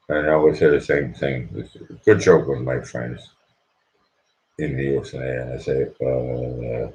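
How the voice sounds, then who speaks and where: A very deep-voiced man hosts a late-night stream in a sleepy, hushed ramble. He keeps his voice low so he doesn't wake the house. The audio is dull and lo-fi. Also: level tone, moderate pace. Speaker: livestream host. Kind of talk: quiet late-night livestream chat.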